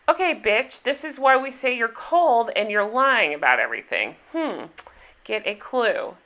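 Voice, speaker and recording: A woman's voice: fairly high pitch, sing-song, unhurried, bright, forceful tone. A middle-aged woman hosting a casual reality TV recap, chatty and sarcastic, laughing often. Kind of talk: casual chat.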